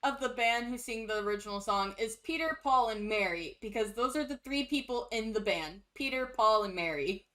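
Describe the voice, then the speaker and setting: A woman's voice: fairly high pitch, moderate pace, hardly any pauses, pushed and bright. A woman co-hosting a podcast in casual chat, dropping dry, matter-of-fact quips. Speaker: podcast co-host.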